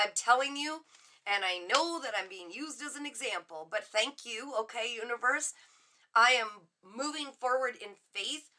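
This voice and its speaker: A middle-aged woman chatting excitedly on a live tarot stream, reacting to viewer comments as she reads cards. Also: mid-range voice. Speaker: psychic reader on a live stream. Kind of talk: casual live tarot chat.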